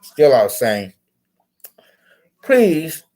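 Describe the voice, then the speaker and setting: A man's voice: a little high, wildly swooping pitch, drawn-out words, dark tone, rough recording. A man rambling through a solo social media broadcast, often repeating himself and restarting his sentences.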